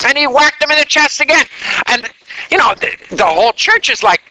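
A man preaching a sermon in an animated way, drawing call-and-response answers from the congregation. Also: extremely high pitch, brisk, a little hiss or hum, poor audio.

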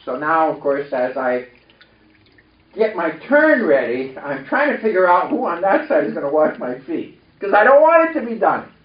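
A high-voiced male preacher works the room with lively call-and-response. His voice sits well back from the microphone in a reverberant hall. The recording is muffled and dull. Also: normal speed. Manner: animated, leads congregation in call-and-response. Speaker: pastor. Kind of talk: sermon with personal story. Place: church sanctuary. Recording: echoey, distant, dull church recording.

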